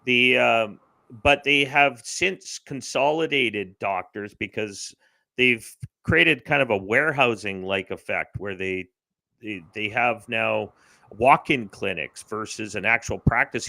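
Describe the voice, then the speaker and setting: Gravelly, bright-voiced Canadian male co-host. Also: mid-range voice, animated, measured pace, no room sound. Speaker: political livestream co-host. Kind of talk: casual political chat.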